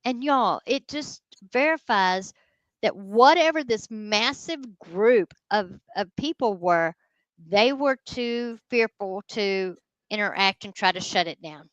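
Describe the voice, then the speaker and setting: A woman, a guest ghost hunter telling a story in casual, animated talk. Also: medium pitch, takes it slowly, no echo, highs cut off. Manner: animated, addresses listeners as y'all.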